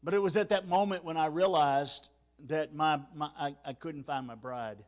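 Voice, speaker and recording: A man preaching at a church revival, telling a story with emotion, often repeating words and dropping very quiet at the sad parts. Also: on the high side, moderate pace. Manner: emotional, repeats words, drops to near-whisper at sad moments. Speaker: evangelist. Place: church sanctuary.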